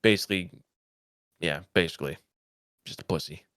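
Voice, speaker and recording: A man co-hosting a casual podcast, ranting in profane, animated bursts. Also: deep voice, normal speed, clean tone, no room sound, studio quality. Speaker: podcast co-host.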